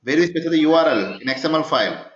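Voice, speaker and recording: A man's voice: on the high side, lively intonation, rapid-fire, fairly bright tone, a little hiss or hum. A man teaching a live coding lecture, constantly checking in with his students by asking yes-or-no questions. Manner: keeps quizzing the class, asking 'yes or no?'. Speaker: programming instructor. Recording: echoey, dull recording of a class session.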